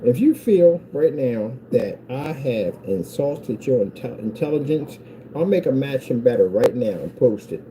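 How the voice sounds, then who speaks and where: Vlogger, male, very dark tone, lively pitch, mocking rant, faint noise behind. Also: unhurried, low-quality recording. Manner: taunting, mocking haters in a sing-song voice. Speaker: small business owner. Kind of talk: rambling vlog rant.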